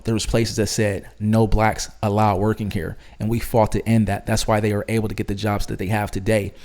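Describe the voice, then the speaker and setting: A man's voice: fairly low pitch, darkish tone. Give me a man doing argumentative reaction commentary on video clips, pressing every point. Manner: emphatic, argumentative, lecturing. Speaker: commentary channel host.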